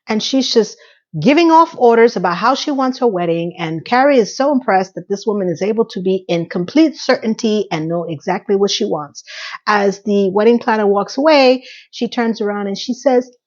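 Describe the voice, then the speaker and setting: A middle-aged woman, recapping a TV episode as a casual host. She is candid and animated and swears freely. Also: medium pitch, moderate pace. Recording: dull lo-fi sound.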